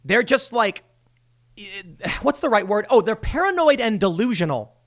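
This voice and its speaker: A man's voice: high voice, very animated, moderate pace, a bit bright. A man hosting a solo commentary show, ranting with exasperated sarcasm and mocking the people he quotes. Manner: mocking voices when quoting people. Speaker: political commentary host.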